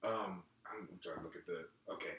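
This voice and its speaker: A man hosting a relaxed podcast chat, easygoing and calling his guest bro. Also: sits low, fairly quick, echoey room, slight background noise, rough recording. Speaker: podcast host. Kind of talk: casual chat.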